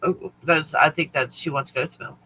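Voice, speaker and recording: A man's voice: fairly high pitch, fairly even intonation, normal speed, bright, forceful tone, slight background noise, rough recording. A man hosting a casual spiritual livestream, talking in a rambling, profane way and often laughing. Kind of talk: casual chat to viewers.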